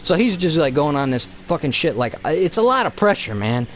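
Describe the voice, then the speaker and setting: A man's voice: fairly high pitch, a little fast. Sex: man. Role: game streamer. Style: casual live-stream chat. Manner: rambling, profane. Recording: home basement with a faint hum of ambience. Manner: rambling, profane, animated retelling.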